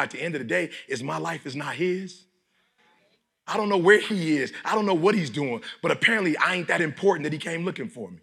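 A middle-aged man from Detroit giving a preachy motivational speech to a live audience, often shouting and leading call-and-response. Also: on the high side, gravelly, breathy edge. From Detroit, United States. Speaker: motivational speaker.

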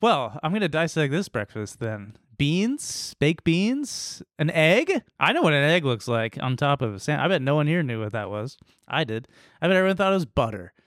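A man's voice: on the high side, very animated, normal speed, fairly bright tone, dry recording, studio quality. A man co-hosting a podcast, teasing his friend playfully with bursts of laughter. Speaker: podcast co-host. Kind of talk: casual comedic chat.

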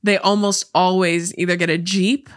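In a fairly low voice with little pitch movement and a moderate pace, a young woman co-hosting a podcast chats casually. She uses plenty of fillers and laughs a lot.

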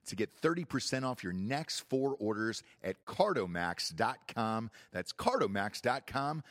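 A man reading a loud, emphatic advertisement in a pitched-up voice. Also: expressive, unhurried, no room sound, clean studio sound. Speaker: ad reader. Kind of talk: energetic ad read.

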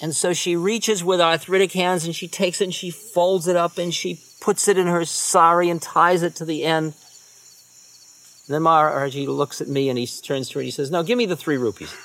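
A man, a spiritual teacher, telling unhurried rambling anecdotes with soft trailing asides. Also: fairly high pitch. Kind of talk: storytelling talk.

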